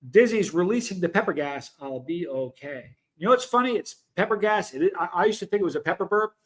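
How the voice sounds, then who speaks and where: A man's voice: high voice, expressive, a little fast, fairly bright tone. A man hosting a casual livestream, chatting loosely and reading out viewer comments, often stopping and restarting mid-sentence. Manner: chatty, rambling, self-interrupting. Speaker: livestream host.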